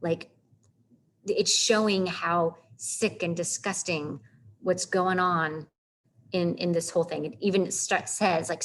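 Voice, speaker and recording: A woman teaching a casual literature lesson, chatty and animated, stopping to read lines of verse aloud with heavy stresses. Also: fairly low pitch, takes it slowly, a little hiss or hum. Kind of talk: casual classroom lecture on literature.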